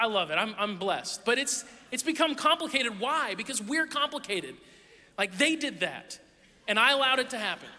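A male pastor preaches with a high, very bright and ringing voice, animated and self-deprecating as he tells stories. His words trail off into the long reverb of a large hall. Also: slight background noise. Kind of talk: sermon with personal stories.

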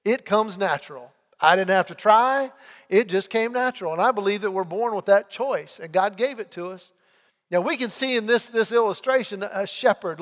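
A male pastor delivers a sermon in an earnest, conversational way, posing rhetorical questions and reading scripture aloud. His voice sits fairly high. The sound carries the long reverb of a large church hall. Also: moderate pace, a bit bright.

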